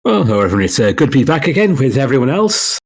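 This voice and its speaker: Man with a husky, lively voice. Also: mid-range voice, fast. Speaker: podcast guest. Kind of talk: casual roundtable chat.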